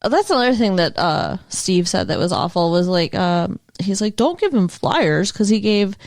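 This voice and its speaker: A woman's voice: medium pitch, very animated, normal speed, vocal fry, dry recording. A woman co-hosting a podcast, retelling a TV plot in casual chat, laughing often and swearing bluntly. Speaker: podcast co-host. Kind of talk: casual chat recapping a TV episode.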